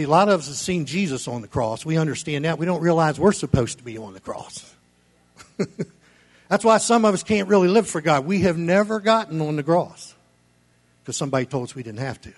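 A high-voiced man preaching a sermon as a pastor. He talks bluntly and folksily, dropping into low murmurs and then climbing back up to loud, pressing exhortation. The tone is plain and direct. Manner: preaching, voice rising and falling sharply between shouts and low murmurs; blunt, folksy delivery with casual contractions.

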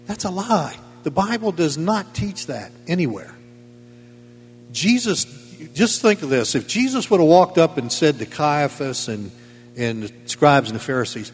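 A pastor preaching a sermon in a church, emphatic and folksy with chuckling asides. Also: male voice, on the high side, sing-song, measured pace, in a large hall, a little hiss or hum. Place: church sanctuary.

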